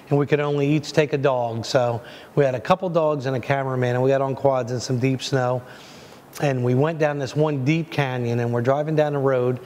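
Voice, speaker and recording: A man's voice: medium pitch, big-room sound, slight background noise. Man recounting a hunt, rambling voice-over. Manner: rambling, excited recounting with fillers. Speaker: hunting show host. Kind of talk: voice-over storytelling.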